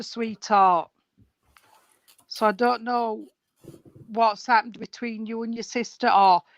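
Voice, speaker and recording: Calling everyone sweetheart and darling, a chatty, rambling spiritualist gives a live mediumship reading over video call for an online service. Her fairly high, fairly bright voice comes through poor audio.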